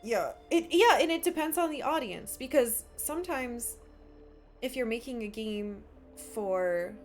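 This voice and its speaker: A woman's voice: fairly high pitch, expressive, measured pace. A young woman from Appalachia chatting while streaming a game, rambling with lots of fillers. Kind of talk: casual gameplay commentary. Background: faint game music.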